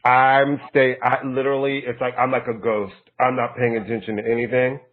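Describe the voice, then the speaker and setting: A man's voice: medium pitch, little pitch movement, moderate pace. A man co-hosting a podcast in casual chat, blunt and fed up, swearing casually. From United States. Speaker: podcast co-host. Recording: tinny phone-like line.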